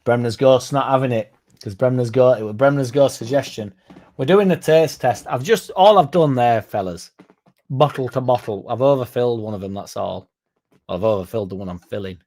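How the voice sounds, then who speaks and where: A man's voice: mid-range voice, fairly quick, a little mellow. A man hosting a casual livestream, rambling, swearing and chatting to viewers by name. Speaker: fan channel livestream host.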